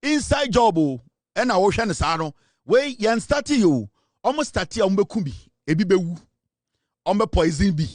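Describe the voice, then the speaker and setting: A man's voice: sits high, expressive, moderate pace, a little mellow, dry recording, studio quality. A man with a Ghanaian accent giving emphatic, dramatic political commentary, switching between Twi and English.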